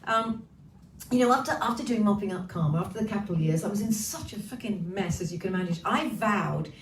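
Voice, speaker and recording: A woman's voice: medium pitch, fairly quick. Cheeky, swearing woman in an echoey room. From Wales. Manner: chatty, cheeky, swears freely. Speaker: singer hosting a livestream. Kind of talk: casual chat greeting viewers. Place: her home. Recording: roomy echo, slightly distant mic, faint hiss.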